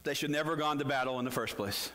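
A man's voice: medium pitch, very fast, bright, forceful tone. A man preaching a sermon as pastor, telling a story with animation and putting questions to the congregation.

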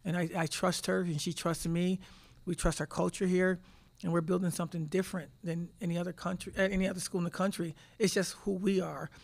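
A woman's voice: lowish voice, level tone, a little fast, vocal fry, darkish tone. A woman in her fifties, a head basketball coach answering press conference questions, telling stories emphatically and repeating words as she thinks.

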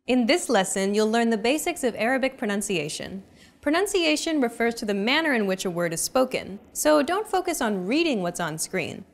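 A woman hosts a language lesson and reads her script with a voice that rises and falls a lot. Her pitch sits a little high, and she cheers the learner on with short prompts. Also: big pitch swings, moderate pace. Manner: bright, encouraging teacher prompts.

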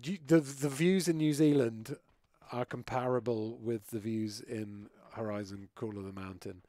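British male streamer, middle pitch, dry close sound, casual joking chat with swearing. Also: fairly even intonation, unhurried, mellow, no room sound. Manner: chatty, swears freely, jokey. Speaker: game streamer. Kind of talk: casual chat while gaming live.

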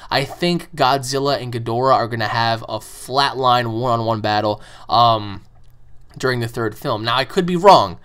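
A man's voice: mid-range voice, moderate pace, a bit bright, clear, resonant tone. A man hosting his own channel, answering fan questions in a rambling, profane monologue full of repeated words. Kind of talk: casual opinionated monologue.

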